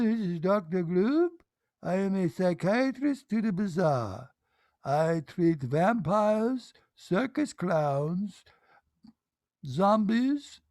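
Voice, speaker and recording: A man's voice: high-pitched, a little mellow, no room sound, studio quality. A man voicing an eccentric, pompous male psychiatrist with a strange mixed accent who rambles. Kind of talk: comedy character bit.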